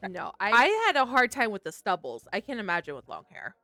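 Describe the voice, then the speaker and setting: A woman's voice: mid-range voice, quick pace, slight background noise. A woman co-hosting a podcast, telling her own stories candidly in casual chat and acting out her reactions. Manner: animated storyteller, acts out her own reactions. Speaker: podcast co-host.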